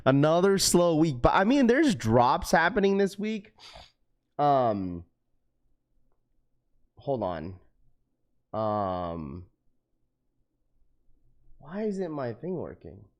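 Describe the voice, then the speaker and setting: A man's voice: a little high, sing-song, drawn-out words, long pauses. A man hosting a casual livestream, greeting viewers by name. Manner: laid-back, many fillers, greets viewers by name. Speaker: livestream host.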